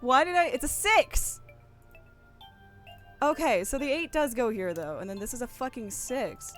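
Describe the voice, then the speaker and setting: A woman co-hosting a game stream, talking through a puzzle with excitable, profane commentary. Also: high voice, unhurried, faint music behind. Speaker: streamer and co-host.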